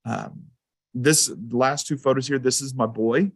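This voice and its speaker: A man's voice: mid-range voice, fairly even intonation, measured pace, husky, no echo. Man telling stories in a dry room. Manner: conversational storytelling with fillers. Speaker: school safety presenter. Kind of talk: anecdotal presentation to a council.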